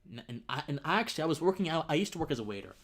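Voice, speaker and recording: With a fairly high pitch, big swings in tone, and a racing, slightly bright delivery, a young livestream host earnestly shares a personal story. Emotion overtakes him; he turns tearful and drops almost to a whisper.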